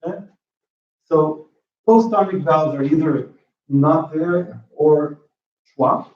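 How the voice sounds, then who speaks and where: A man giving an academic talk in linguistics, halting and restarting often, checking in with the audience. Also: fairly high pitch, far from the mic. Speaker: linguistics lecturer. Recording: roomy lo-fi hall recording from afar.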